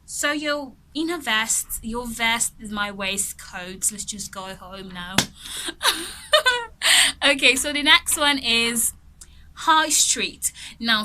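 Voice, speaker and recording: A woman's voice: a little high, bright, forceful tone, poor audio. A woman teaching English vocabulary in a chatty, casual way, often laughing and correcting herself as she goes. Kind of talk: casual explanatory lesson.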